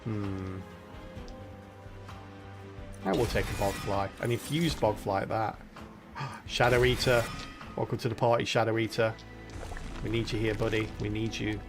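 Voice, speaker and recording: A man's voice: lowish voice, fairly even intonation, unhurried, long pauses, music in the background. A young British man casually commentating his game on a live stream, chatty and laughing often as he talks to his viewers.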